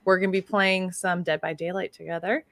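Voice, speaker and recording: A woman's voice: fairly low pitch, little pitch movement, a little fast, creaky, fairly bright tone. Female co-host, casual chat; laid-back, joking, conversational. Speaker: podcast co-host and streamer.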